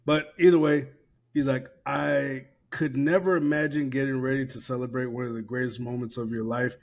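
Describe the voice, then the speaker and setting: A man's voice: mid-range voice, steady tone, moderate pace. Laid-back profane podcast guy. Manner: loose, profane, laughing while reading aloud. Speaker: podcast co-host. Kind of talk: casual podcast chat.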